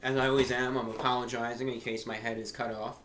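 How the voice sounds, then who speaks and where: Guy doing a food review, kinda formal and deliberate, a bit winded, small echoey nook. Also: medium pitch, level tone, a bit bright, slight background noise. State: out of breath. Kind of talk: casual food review to camera. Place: small eating nook indoors. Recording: echoey room with faint ambience.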